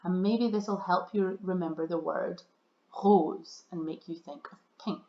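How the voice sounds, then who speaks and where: A woman's voice: fairly low pitch, steady tone, roomy sound, highs cut off. A woman teacher, cheerfully talking through a recorded slideshow lesson for children and stressing the key words. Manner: cheerful, encouraging, speaks slowly with emphasis on key words.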